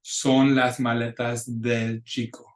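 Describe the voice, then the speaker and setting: A man gives a recorded lesson, patiently working through examples and repeating key phrases. His voice sits in a middle pitch. The room around him is echoey. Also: little pitch movement, slow pace. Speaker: Spanish teacher. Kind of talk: recorded lecture for students.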